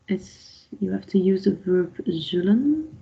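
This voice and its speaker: A woman teaching an online language class, unhurried and patient, with a gravelly, husky voice. She quizzes the class and explains each answer. The sound is dull and lo-fi. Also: medium pitch, animated. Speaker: Dutch teacher.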